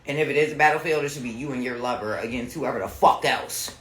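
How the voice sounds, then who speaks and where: A woman's voice: a bass voice, quick pace, slight background noise. A woman tarot reader chatting casually on a live stream at home, blunt and profane. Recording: roomy echo.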